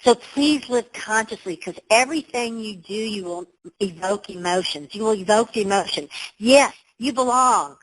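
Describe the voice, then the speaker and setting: A woman's voice: medium pitch, expressive, normal speed, husky, rough recording. Woman, webinar presenter, motivational talk, emphatic, upbeat, computer mic.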